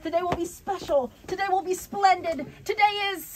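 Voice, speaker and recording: A woman's voice: very high-pitched, brisk, voice pushed up. A woman reading aloud in the voice of a cheerful young mother who reassures her daughter in an upbeat, sing-song way. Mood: reassuring.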